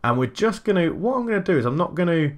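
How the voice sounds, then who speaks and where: A man doing let's play commentary on a football management game, calling the action play by play and getting loud and excited at goals. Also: high-pitched, fast. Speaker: gaming YouTuber.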